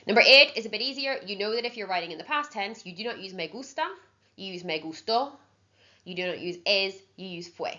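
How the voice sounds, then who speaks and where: A Spanish teacher gives an exam-prep language lesson, patiently explaining step by step and checking in with frequent "okay"s. Her mid-range voice is fast and sharp-toned with few pauses, and the recording sounds dull and lo-fi.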